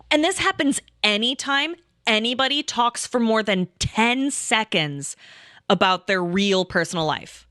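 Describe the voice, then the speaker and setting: A woman in her thirties telling a rambling, animated story in casual chat, swearing often and acting out what people said. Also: medium pitch, slow, clear, resonant tone, no echo, clean studio sound. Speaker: storyteller recounting a game night.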